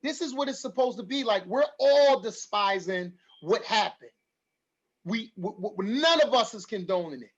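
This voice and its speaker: A man's voice: sits high, lively intonation, moderate pace, slightly rough, dull audio. A man hosting an online community forum, talking emphatically and repeating his lines for stress. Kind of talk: livestream community address.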